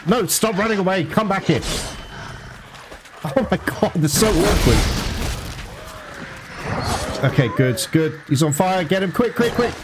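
A man commenting on his gameplay, reacting with excited, panicky outbursts. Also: high voice, measured pace, long pauses, background noise. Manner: excitable, panicky outbursts and laughter mid-fight. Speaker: let's play gamer.

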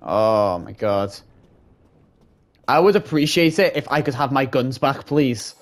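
Male let's-play host, mid-pitched, scared and swearing as he plays a horror game. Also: expressive, unhurried. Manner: jumpy, frightened, swearing. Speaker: gaming channel host.

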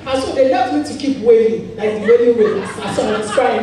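Animated Nigerian woman preaching in an echoey hall. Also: a little high, a little fast, hardly any pauses, far from the mic, crowd noise. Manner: animated, laughing storytelling. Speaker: pastor. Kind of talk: sermon. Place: church hall.

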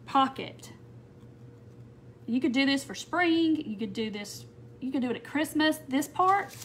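A woman's voice: fairly high pitch, a little hiss or hum. Chatty Southern woman crafting on a live stream. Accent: Southern American. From not from North Mississippi. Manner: chatty, reads out viewer comments. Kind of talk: casual craft tutorial chat. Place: home craft table.

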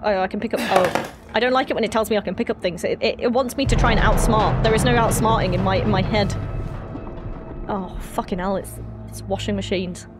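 A woman streaming a horror game, chatting excitably with her viewers and swearing freely. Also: mid-range voice, fairly quick, loud music behind the voice.

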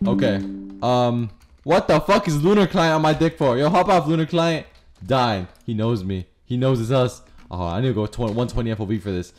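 A man giving casual, profane gameplay commentary as a streamer, excitable and prone to yelling. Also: medium pitch, normal speed. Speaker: gaming streamer. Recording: noisy game audio behind.

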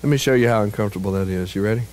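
A man preaching a sermon as pastor, slow and emphatic, climbing higher and louder at peaks and dropping low and quiet on key phrases. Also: slight background noise, low-quality recording.

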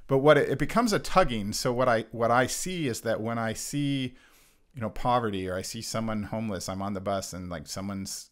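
A man co-hosting a church Bible discussion, talking in an earnest, halting way with many restarts. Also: fairly low pitch. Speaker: church podcast co-host. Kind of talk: casual reflective Bible discussion.

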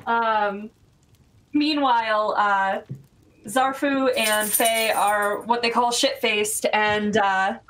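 A woman narrating a tabletop game as game master, unhurried and full of fillers. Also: mid-range voice, fairly even intonation, fairly bright tone, distant mic, slight background noise, rough recording. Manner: unhurried, hesitant with many fillers.

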